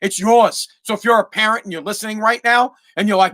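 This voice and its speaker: A man's voice: high voice, brisk, fairly bright tone. A man hosting a podcast, telling a story in a blunt, heavily profane, casual monologue. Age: adult parent. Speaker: podcast host.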